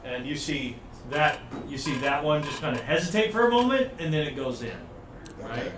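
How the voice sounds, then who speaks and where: A man's voice: a little high, animated, normal speed, echoey room, recorded from a distance, noisy background. A man narrating a tabletop game as dungeon master, loose and rambling, laughing often.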